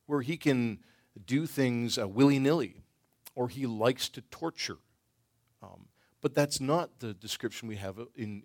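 A man teaching a church Bible study class, thinking aloud in a halting way with many pauses and restarts. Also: medium pitch. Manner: thoughtful, halting, with frequent ums and restarts.

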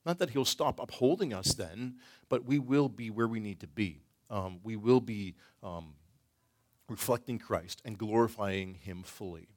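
A man teaching a church Bible study class, thinking aloud in a halting way with many pauses and restarts. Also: fairly low pitch. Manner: thoughtful, halting, with frequent ums and restarts.

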